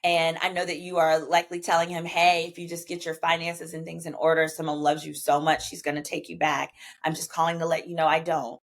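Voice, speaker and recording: A woman with a Southern US accent, a podcast guest telling a personal story in an animated, emphatic way, acting out the dialogue she quotes and cursing freely. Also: low voice, brisk, few pauses. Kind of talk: animated storytelling in casual chat.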